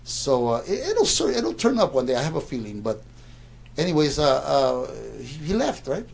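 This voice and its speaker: A man's voice: a little high, sing-song, normal speed, vocal fry, breathy edge. A man in his sixties casually telling a rambling anecdote, stammering and repeating words as he goes.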